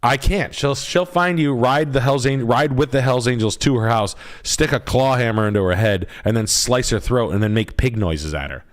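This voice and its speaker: A man hosting a live stream, rambling in crude, joking talk that comes out in quick bursts. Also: mid-range voice. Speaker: livestream host, realtor.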